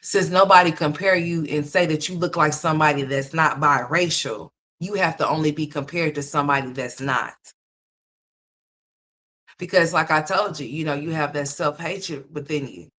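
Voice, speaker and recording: A blunt, profanity-laden gossip commentator speaks off the cuff, scolding the listener directly and rambling. The voice is mid-pitched, pushed and bright, at a normal speed, and keeps circling back to the same phrases for emphasis.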